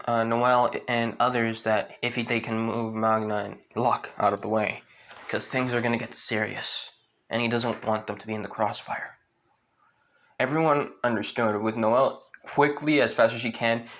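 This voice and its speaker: A man's voice: medium pitch, a bit bright. Rambling man improvising a fan story. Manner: rambling, many fillers and restarts, keeps repeating stock phrases.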